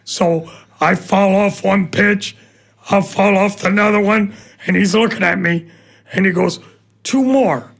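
A man from Tampa telling an animated story as a radio host in a studio. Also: sits high, measured pace, creaky. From Tampa, Florida. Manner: animated storyteller acting out the voices.

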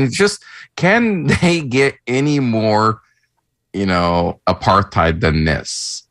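A man with a very low voice co-hosts a talk radio show, rambling and teasing with frequent restarts. The mic is close and the sound is dry. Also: a bit bright, no room sound.

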